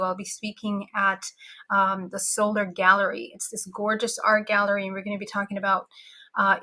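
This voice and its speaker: A woman guest talks about her upcoming events in a bubbly, effusive way. Her voice sits at a middle pitch with a bright edge. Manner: bubbly and effusive, laughs often. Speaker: guest speaker on spirituality. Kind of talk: upbeat interview chat.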